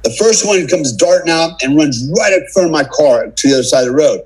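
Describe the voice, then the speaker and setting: A man's voice: on the high side, lively intonation, brisk, a little mellow, slightly rough, poor audio. A middle-aged man from the United States, a podcast guest telling a casual story with swearing, tagging lines with "man" and "right?". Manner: salty, swearing, keeps adding "man" and "right?".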